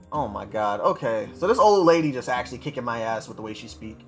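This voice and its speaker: A man's voice: mid-range voice, big pitch swings, quick pace, hardly any pauses, faint music behind. An American man reading a story aloud on a livestream, stumbling over words and breaking off to comment on them. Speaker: streamer.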